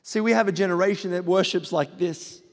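A middle-aged man delivers a sermon in a fairly high voice, driving home his points with repeated exhortations. His voice carries the long reverb of a large church hall. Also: brisk. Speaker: pastor.

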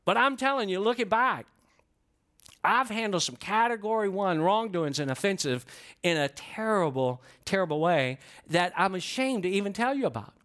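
Middle-aged pastor guy with a highish voice, animated, pokes fun at himself, keeps asking the crowd stuff. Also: normal speed. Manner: animated, self-deprecating, talks to the crowd. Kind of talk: storytelling sermon. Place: church before a congregation.

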